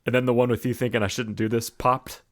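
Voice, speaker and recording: A man's voice: mid-range voice, flat delivery, quick pace. A man co-hosting a podcast in casual chat, chiming in with short agreements and jokes. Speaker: podcast co-host.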